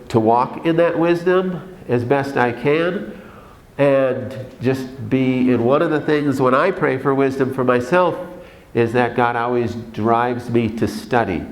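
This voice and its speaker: A man's voice: medium pitch, poor audio. Joking Minnesotan man giving a talk. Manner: chatty, joking, self-deprecating, with many fillers. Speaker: doctor giving a conference talk. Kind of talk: conference presentation. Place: conference hall with a live audience.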